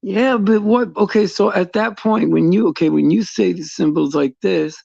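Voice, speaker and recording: Gravelly, dark-voiced man talking haltingly. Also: high-pitched, no room sound, lo-fi sound. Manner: halting, repeats words, many restarts. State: tearful at times. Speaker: host. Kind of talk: casual faith talk to viewers.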